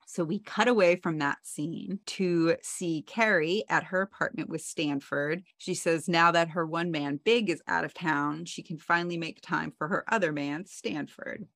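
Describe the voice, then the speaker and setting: A woman's voice: low-pitched, moderate pace, few pauses, a bit bright, dry recording, clean studio sound. A woman co-hosting a podcast, casually recapping a TV episode in a chatty storytelling way with wry asides. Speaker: podcast co-host.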